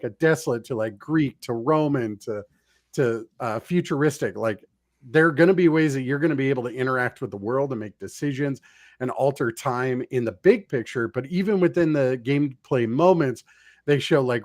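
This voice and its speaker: A man co-hosting a relaxed gaming podcast, retelling trailers with animated energy. His voice sits at an average pitch. The sound is dry and close. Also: normal speed, no echo. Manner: animated, acts out reactions to trailers. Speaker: podcast co-host. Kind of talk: casual gaming chat.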